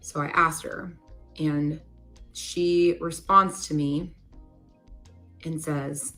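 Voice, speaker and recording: A young woman with a notably low voice recounts a personal story in a loose, confessional way, leaning on "like" as she goes. Soft music plays faintly in the background. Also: fairly even intonation, very slow. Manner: conversational, many "like" fillers.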